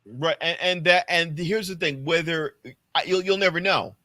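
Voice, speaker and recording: A man co-hosting a casual podcast chat, telling stories from stand-up with lively, acted-out quotes. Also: fairly high pitch, normal speed, dry recording. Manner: animated storyteller acting out quotes. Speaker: podcast co-host and stand-up comic.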